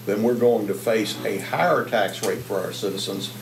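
Measured man in an echoey chamber. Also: on the low side, a little hiss or hum. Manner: measured, cites figures. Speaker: county commissioner. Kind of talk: public meeting debate. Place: county commissioners' chamber.

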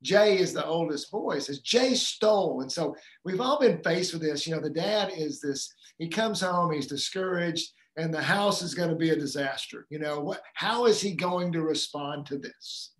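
A man speaking on a live community call about fathering, retelling a film scene in a halting, storytelling way with many fillers. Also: on the high side, a bit bright, roomy sound.

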